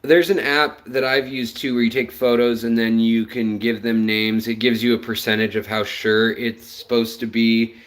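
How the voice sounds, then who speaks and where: A man's voice: mid-range voice, little pitch movement, normal speed, few pauses. A man hosting a casual live stream, rambling with lots of fillers and greeting viewers in the chat by name. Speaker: livestream host.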